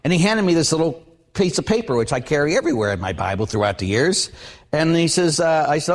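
Talking fast, a middle-aged Catholic priest delivers a sermon that mixes plain speech and stories. His delivery is lively, and quoted lines come out with abrupt, large pitch jumps.

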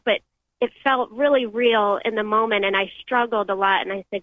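A woman's voice: mid-range voice, fairly even intonation, no echo. Earnest young woman on a phone line. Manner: earnest, halting, emotional. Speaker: caller. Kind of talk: telling a personal faith story on a call-in show.

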